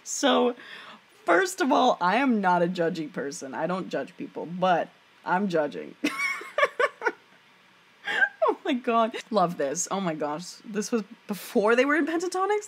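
A woman opera singer giving casual, excitable reaction commentary on a music video at home. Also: medium pitch, slightly rough. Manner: excitable, laughing, exclamatory.

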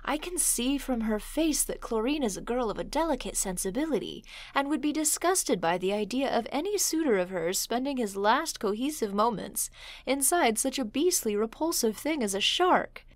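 A fretful young man, petulant and timid, voiced by a woman reading a storybook. He pleads and fusses, his voice lifting higher as he worries. The sound is close and dry. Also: expressive, normal speed, no echo, natural voice. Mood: irritable.

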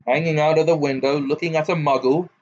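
A man's voice: on the high side, fairly even intonation, fairly quick, darkish tone, dull audio, lightly acted. A man doing a menacing old wizard father. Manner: cold, threatening.

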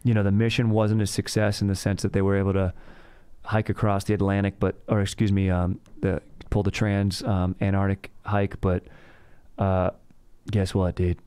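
A man's voice: low voice, level tone, normal speed, warm tone, clean tone. A man casually retelling a history story in bro slang, rambling and laid-back with lots of fillers. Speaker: podcast host.

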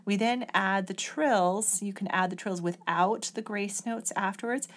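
Slow, patient woman teaching oboe. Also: medium pitch. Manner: patient, methodical, sings rhythms on syllables. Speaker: oboe professor. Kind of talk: music lesson explaining an etude.

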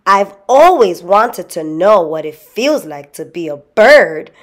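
A woman voicing an eager young boy in a storybook reading, speaking excitedly. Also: mid-range voice, slow. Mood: delighted.

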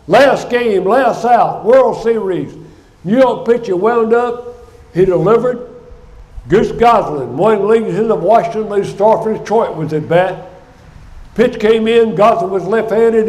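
An older man preaching a sermon in a church, telling a story with animated energy. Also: sits high. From United States. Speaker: guest speaker. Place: church sanctuary. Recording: echoey church sanctuary.

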